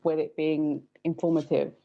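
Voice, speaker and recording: A woman co-hosting a podcast, reacting with lively, laughing banter. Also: sits low, moderate pace, creaky. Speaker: podcast co-host. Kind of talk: casual comedic chat. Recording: dull, lo-fi sound.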